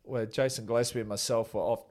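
Ex-cricketer telling rambling stories. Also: male voice, mid-range voice, fairly even intonation, fast talker, a little mellow. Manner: rambling, chuckling storyteller. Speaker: former cricketer, guest. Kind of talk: casual anecdotal interview.

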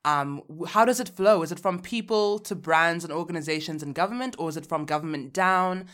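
A woman's voice: lowish voice, a little fast, fairly bright tone. A young adult woman hosting a casual podcast chat, blunt and teasing, laughing often. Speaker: podcast host.

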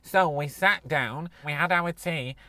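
A man's voice: on the high side, a little slow, no echo. A man telling a funny story in a casual chat and imitating the people he quotes. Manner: animated anecdote-teller, mimics people he quotes.

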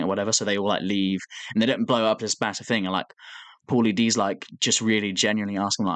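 A man's voice: fairly low pitch, fast talker, no room sound. Young man telling a story. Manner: animated storytelling, swears a lot, acts out quotes. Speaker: podcast co-host. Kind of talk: casual chat.

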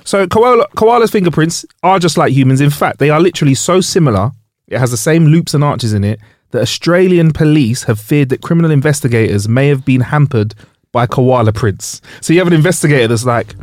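A man's voice: on the high side, lively intonation, fairly quick, darkish tone, no echo, studio quality. A man hosting a comedy podcast, casually sharing facts and laughing easily. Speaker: podcast host.

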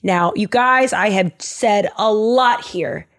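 A woman's voice: medium pitch, slow pace, a bit bright. A woman casually retelling bible stories in a joking, chatty way, with many fillers.

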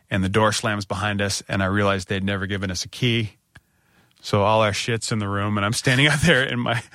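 A middle-aged man casually telling a self-mocking story, acting out other people's lines with big jumps in pitch. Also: pushed and bright, no room sound, clean studio sound.

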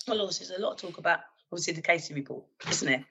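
A woman who is a former police officer, telling a personal story in an earnest, halting way with many fillers and restarts. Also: lowish voice, a bit bright, breathy edge, poor audio. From London, England.

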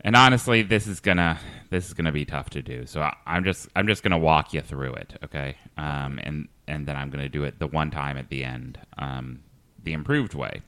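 A man hosting a comedy podcast, deadpan and hesitant, full of ums and uhs. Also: very deep voice, fairly quick, no echo. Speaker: podcast host.

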